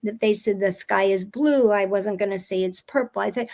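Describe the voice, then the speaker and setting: Animated woman telling stories with restarts. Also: mid-range voice, normal speed. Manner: animated storyteller, frequent restarts. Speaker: handwriting expert guest. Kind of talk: casual interview chat.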